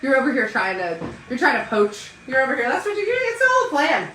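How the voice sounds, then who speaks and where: A woman hosting a casual live stream selling wigs, bantering loudly and laughing with viewers. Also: high-pitched, wildly swooping pitch, fast talker, far from the mic, a little hiss or hum. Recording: roomy sound from off-mic with faint music.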